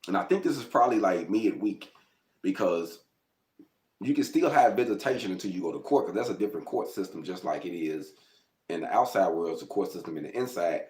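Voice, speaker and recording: A man's voice: low-pitched, darkish tone, roomy sound. A man telling his own life story in a conversational, rambling way, often calling his listeners "y'all.". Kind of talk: personal storytelling monologue.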